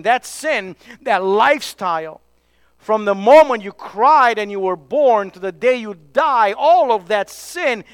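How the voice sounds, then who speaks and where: Male preacher, high voice, smooth and clear, emphatic sermon delivery. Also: no echo. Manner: emphatic, drops to hushed tones for key points.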